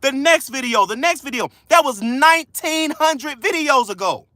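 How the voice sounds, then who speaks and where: A man coaching viewers on a livestream, loud, slangy and preachy, repeating key lines. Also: extremely high pitch, lively intonation, moderate pace, no room sound, studio quality. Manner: casual slangy speech. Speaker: credit coach hosting a livestream. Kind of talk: motivational livestream talk.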